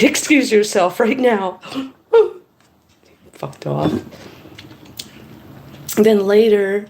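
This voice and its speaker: A woman in her fifties telling a story in a casual monologue, blunt and candid, acting out both sides of the conversation in lively quoted voices. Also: lowish voice. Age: 50s. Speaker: vlogger.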